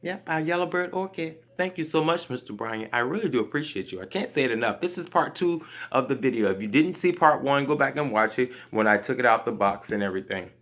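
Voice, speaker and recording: An upbeat man hosts a casual gardening vlog in a chatty, familiar tone, speaking straight to his viewers. His voice sits at a mid pitch. It rings off the walls of an echoey room. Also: animated, a little fast, hardly any pauses, fairly bright tone. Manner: chatty and upbeat, keeps addressing viewers as "you guys". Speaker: gardening channel host.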